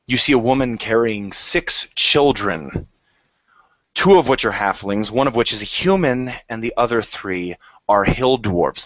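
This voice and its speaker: A man narrating a tabletop game as game master, measured and descriptive. His voice sits low, and the recording is dry and lo-fi. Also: fairly bright tone, no room sound.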